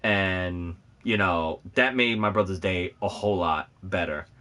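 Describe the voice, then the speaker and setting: A man hosting a casual livestream, chatting in a bright, forceful voice. He rambles excitably from one story to the next. He laughs often as he talks. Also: sits low, unhurried. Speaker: host of a gaming and cosplay channel.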